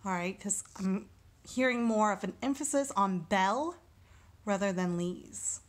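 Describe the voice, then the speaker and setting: Female teacher, unhurried and deliberate, mid-pitched, talks through a lesson step by step. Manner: slow and deliberate, sounding out syllables. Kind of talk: recorded lesson walkthrough.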